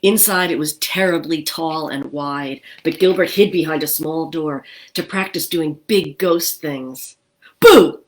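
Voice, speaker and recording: Slow, expressive woman reading a story. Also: deep voice. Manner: slow, expressive, asks the children questions. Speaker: children's librarian. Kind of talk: storytime read-aloud.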